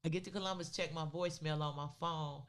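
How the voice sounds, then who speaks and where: Animated storytelling woman podcast host. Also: low voice, fast talker. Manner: animated, acts out the people in her story; casual vernacular phrasing. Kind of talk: casual storytelling chat.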